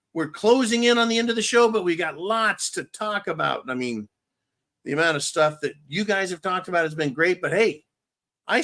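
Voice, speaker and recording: High, pushed, and bright, the voice belongs to a livestream host going on a casual, foul-mouthed, blunt rant. He's had a couple of drinks, leaving him slightly tipsy and a bit tongue-tied.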